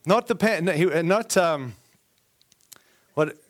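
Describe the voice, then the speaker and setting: A man with a high voice delivers a sermon as a lively story. He acts out quoted lines and often breaks off to correct himself or add an aside. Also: slow pace. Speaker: preacher.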